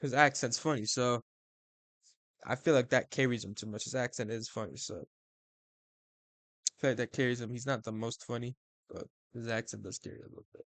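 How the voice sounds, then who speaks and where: A young man giving a casual, profane fight recap, excitable and full of bro slang. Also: mid-range voice, moderate pace, long pauses, no echo. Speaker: MMA commentator.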